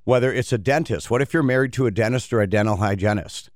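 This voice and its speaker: A man's voice: medium pitch, fast talker, no echo, studio quality. A man hosting a talk radio show, rambling and acting out little scenes in casual banter.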